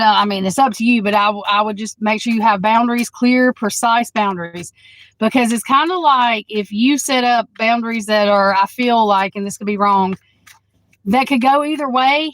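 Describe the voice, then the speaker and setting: A woman's voice: medium pitch, low-quality recording. A woman doing a live tarot reading into her phone, chatting frankly, swearing and laughing often as she talks to the viewer. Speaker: tarot reader.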